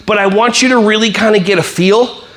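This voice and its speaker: A man with a high voice and steady tone speaks at a staff wellness workshop, giving school staff a comedic, motivational talk. He's playful and teasing with the audience, slipping into quick voices to act out kids and teachers.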